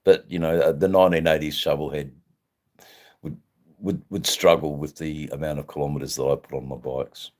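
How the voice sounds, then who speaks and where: A man's voice: extremely low pitch, fairly even intonation, normal speed, a little mellow. An older man with an Australian accent, chatting casually and rambling on a livestream, reading out and answering viewers' comments. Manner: laid-back, rambling with many fillers. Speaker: livestream host answering chat. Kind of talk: casual live chat.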